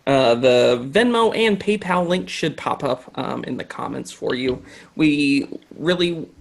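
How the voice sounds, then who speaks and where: Lively improv show host on a video call. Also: medium pitch, unhurried, creaky. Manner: lively, joking, loose and rambling. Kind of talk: livestream improv hosting. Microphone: home mic on a video call.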